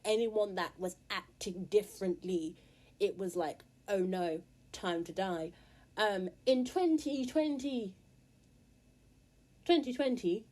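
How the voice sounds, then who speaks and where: A woman's voice: mid-range voice, a little mellow. A British woman, a musician, talking candidly and bluntly to the camera in a casual monologue. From England. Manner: candid, blunt, earnest, swears freely. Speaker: musician and YouTuber.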